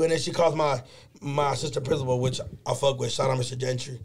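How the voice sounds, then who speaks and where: A man's voice: mid-range voice, fairly even intonation, fast talker. A young man co-hosting a podcast, telling stories in casual chat, full of slang and swearing. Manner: profane, slangy storytelling. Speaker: podcast co-host.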